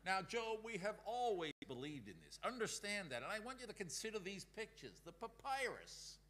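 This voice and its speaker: A man's voice: sits high, sing-song, moderate pace, bright, forceful tone, voice pushed up, heavily acted. A man voicing an earnest younger American man with an American accent, lecturing a sufferer insistently.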